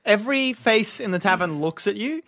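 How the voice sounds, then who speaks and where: A man narrating as game master of a tabletop game, playful with quick asides. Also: high voice, expressive, pushed and bright.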